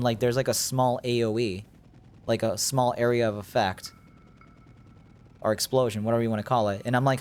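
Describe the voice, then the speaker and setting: A man streams a video game, chatting with his viewers and thinking aloud in loose, rambling commentary as he plays. His voice sits at a medium pitch, with a slight hiss or hum in the audio.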